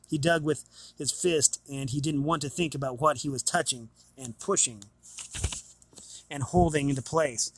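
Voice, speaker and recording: A man's voice: on the high side, moderate pace. A man reading a novel aloud, plainly, with small stumbles and restarts. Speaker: reader.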